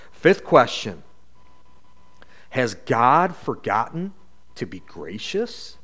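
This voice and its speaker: Man, sermon, Bible teaching, slow and deliberate, reflective, rhetorical questions. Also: mid-range voice.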